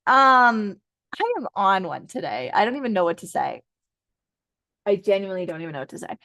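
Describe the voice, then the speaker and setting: A woman's voice: medium pitch, big pitch swings, brisk, bright, forceful tone, no echo. Chatty, laughing woman reading cards. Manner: chatty and playful, jokes, laughs and swears often. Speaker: tarot card reader. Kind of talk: casual pick-a-card reading to viewers.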